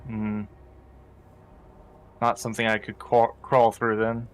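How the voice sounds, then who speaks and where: A man's voice: fairly low pitch, monotone, slow, clean tone. A man playing in a tabletop game, easygoing and offering suggestions to the group. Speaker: player. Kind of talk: casual chat at a tabletop game.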